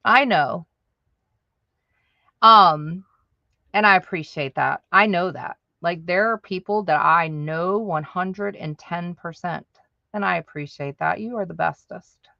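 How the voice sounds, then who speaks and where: Speaking unhurriedly in a low, gravelly voice, a woman chats casually and laughs often with the viewers of her audio-only livestream. The sound is lo-fi, with no echo.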